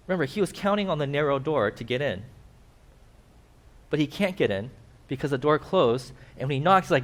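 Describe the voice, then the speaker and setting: A man with a fairly high voice delivers a sermon in a church. He explains the story in a conversational way, then jumps up in pitch to act out the characters he quotes. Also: lively intonation, normal speed, pauses often. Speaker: pastor.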